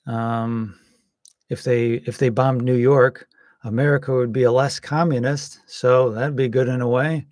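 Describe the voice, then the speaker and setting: A man giving casual, rambling political commentary, hesitant with many pauses and some wry jokes. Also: mid-range voice, fairly even intonation, a little mellow, no room sound, studio quality. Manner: wry and joking.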